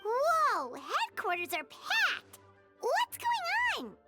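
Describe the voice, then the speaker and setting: A tiny, chirpy floating companion in a video game, her childlike voice extremely high and bubbly. It leaps all over the place in pitch while she takes her time with each word. Game dialogue delivery. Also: wildly swooping pitch, extremely slow, loud music behind the voice, exaggerated voice. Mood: curious.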